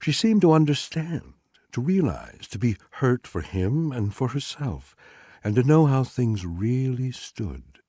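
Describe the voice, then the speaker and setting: A man narrating a literary short story aloud in an expressive, dramatic reading style. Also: medium pitch, unhurried, husky, dry recording, studio quality. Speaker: audiobook reader.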